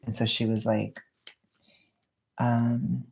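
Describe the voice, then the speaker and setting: Very low, gravelly-voiced woman vlogger. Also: little pitch movement, slow, a little mellow. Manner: rambling, self-mocking, joking. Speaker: vlogger livestreaming. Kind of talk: casual chat while wrapping gifts.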